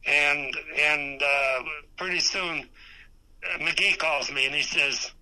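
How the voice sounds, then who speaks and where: Bright-voiced man telling a rambling story. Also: a little high, slow pace, poor audio. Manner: rambling, profane storytelling, repeats "I says"; restarts and stammers often. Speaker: former race car driver. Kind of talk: anecdote told in an interview.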